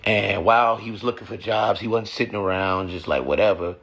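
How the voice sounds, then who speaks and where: A man's voice: fairly low pitch, fairly even intonation, a little fast, fairly bright tone, husky. A man talking casually and emotionally about his family and faith, blunt and full of cussing. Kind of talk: casual reflective talk.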